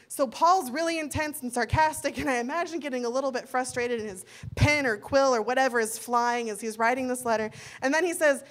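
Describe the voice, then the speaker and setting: A woman in her thirties delivers a sermon with a fairly high voice. She keeps it conversational and slips into acted dialogue to make her points, like talking things over with a congregation of friends. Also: a little fast, few pauses, a bit bright. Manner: conversational, acts out quoted dialogue. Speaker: preacher.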